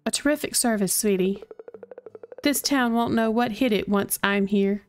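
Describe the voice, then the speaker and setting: A woman's voice: medium pitch, moderate pace, faint music behind, close to an everyday voice. A woman voicing a flamboyant, fashion-loving game shopkeeper who calls everyone darling, theatrical and fussy.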